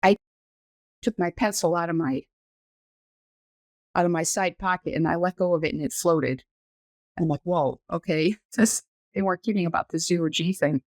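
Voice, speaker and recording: Measured woman in her sixties explaining. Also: fairly low pitch, a little mellow, dry recording. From United States. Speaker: former astronaut, podcast guest. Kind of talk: conversational storytelling interview.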